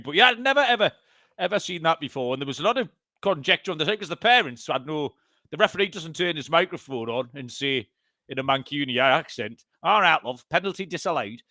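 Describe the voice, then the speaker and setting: A man's voice: on the high side, animated, brisk, sharp tone, no room sound, studio quality. A man co-hosting a betting podcast in casual chat, joking and swearing. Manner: swears, laughs often, jokey. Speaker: podcast co-host.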